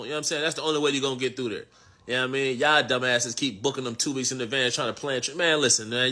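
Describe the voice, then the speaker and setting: A man's voice: fairly high pitch, bright, forceful tone. A man giving a boastful, slangy casual rant, repeating his catchphrases. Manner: swaggering, slangy, repeats "you know what I'm saying".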